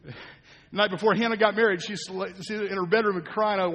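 A man's voice: high voice, quick pace, fairly bright tone, breathy edge, big-room sound. An older man, a pastor and grandfather, preaching a sermon in a church, moving between folksy storytelling and fervent appeals to the congregation. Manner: conversational preaching, rising to fervent exhortation. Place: church sanctuary.

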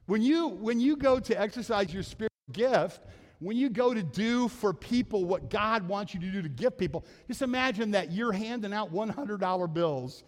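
His voice is high-pitched and animated, delivered at a moderate pace. He's an older pastor giving a sermon full of earnest, folksy personal stories, and the sanctuary lends the recording a long, reverberant church-hall sound.

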